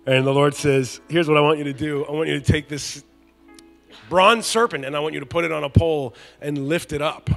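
A male pastor preaching a conversational, joking sermon that builds to loud emphatic peaks. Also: on the high side, fairly quick, gravelly, soft background music. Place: large church hall. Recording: long church hall reverb.

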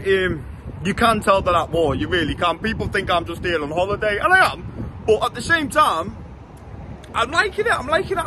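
A man's voice: high voice, noisy background. A man, talking casually and bluntly while vlogging from city streets. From England. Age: 20s. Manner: chatty, blunt and jokey, swearing freely. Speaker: travel vlogger. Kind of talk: casual walking vlog.

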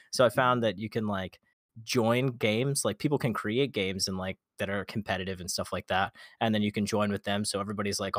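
A man telling a gaming story in a casual podcast chat, animated, swearing often and acting out quotes. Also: on the low side, dry recording, studio quality. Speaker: podcast guest.

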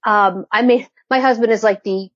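Lively storytelling woman host. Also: a little high, moderate pace, no room sound, muffled recording. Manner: animated storyteller, acts out quoted dialogue. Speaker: podcast host. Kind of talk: casual interview chat.

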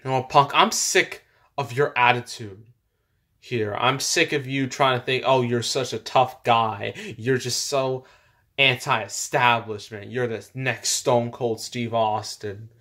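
A man's voice: medium pitch, steady tone, slow, a bit bright. A man voicing an arrogant male pro wrestler in a fan parody skit, trading boastful, needling trash talk. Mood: smug taunting.

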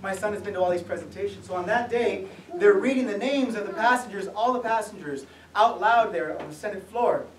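A middle-aged man giving an author talk at a museum, speaking conversationally with gentle humor and some restarts. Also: high-pitched, fairly quick, a little hiss or hum. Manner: conversational, self-deprecating humor, frequent restarts. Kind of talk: public talk with slides. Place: museum event room. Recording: echoey room, mic at a distance.

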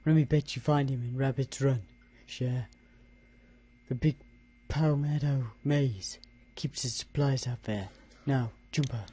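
An actor voicing a folksy swamp storyteller who narrates a game in clipped, easygoing phrases. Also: male voice, medium pitch, measured pace, warm tone, slightly rough.

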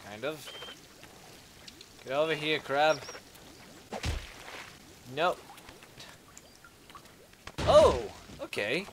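A man giving casual let's play commentary, playfully talking to game creatures and breaking into excitable exclamations. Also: fairly high pitch, slow pace, long pauses, background noise.

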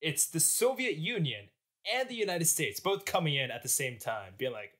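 A man's voice: a little high, big pitch swings, moderate pace, sharp tone. A man hosting a comic history podcast, telling the story in a joking, chatty way.

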